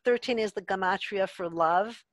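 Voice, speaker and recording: A woman leading a workshop on an online group call, lively and laughing as she acts out the voices she quotes. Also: mid-range voice, moderate pace, dry recording. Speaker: workshop leader. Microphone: video call.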